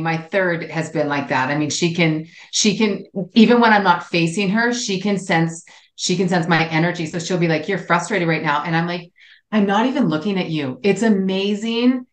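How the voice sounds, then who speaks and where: A woman co-hosting a psychology podcast, speaking in a reflective, measured and affirming way. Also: lowish voice. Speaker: podcast co-host, relationship psychologist. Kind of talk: casual chat. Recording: roomy echo.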